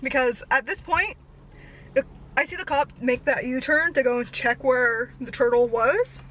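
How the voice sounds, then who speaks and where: A young woman vlogger telling a rambling story fast and out of breath, laughing at herself. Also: high voice, a bit bright, rough recording. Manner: breathless, fast-talking, self-deprecating.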